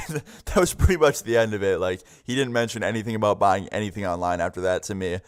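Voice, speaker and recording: A man's voice: on the low side, fast talker, clear, resonant tone. Young man casually telling a rambling story. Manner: rambling, many "like" fillers, acts out quoted voices. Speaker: vlogger telling a story time.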